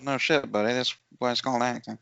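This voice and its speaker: A man's voice: medium pitch, steady tone, fast talker, vocal fry, fairly bright tone, smooth, no echo. A man co-hosting a podcast in casual chat, needling and provoking the others. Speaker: podcast co-host. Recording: dull, dry lo-fi audio.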